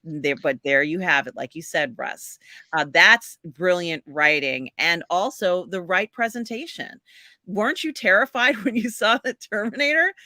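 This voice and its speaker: Bright-voiced woman host, dry close mic, rambling and chatty. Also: on the low side, expressive, measured pace, no echo. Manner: rambling, many fillers, laughs while talking. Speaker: podcast host. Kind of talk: casual live-stream chat.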